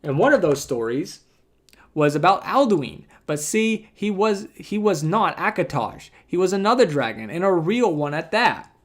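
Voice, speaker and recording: A man's voice: high voice, very animated, normal speed. A man reading aloud as a folksy, boastful male Nord storyteller, in his own rural twang.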